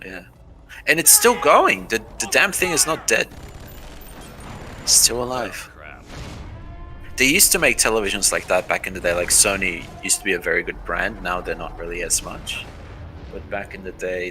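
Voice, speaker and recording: Chatty deep-voiced man gaming. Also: normal speed, sharp tone, slight background noise. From Australia. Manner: rambling, chatty, laughs often. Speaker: streamer. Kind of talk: casual gameplay chat.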